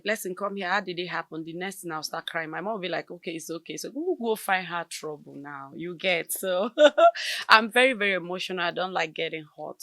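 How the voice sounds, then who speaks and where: A woman with a Nigerian English accent talks in an interview with lively emphasis. Her lowish voice has a gravelly fry and a bright, forward edge. The recording is close and dry. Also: dry recording. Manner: expressive, emphatic, laughs often. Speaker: actress interviewee. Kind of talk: conversational interview.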